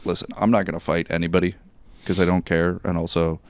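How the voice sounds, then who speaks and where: A man's voice: low-pitched, little pitch movement, quick pace, clean tone, no echo. A young man co-hosting a podcast, telling a story in casual chat, rambling with many fillers and swears. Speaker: podcast co-host.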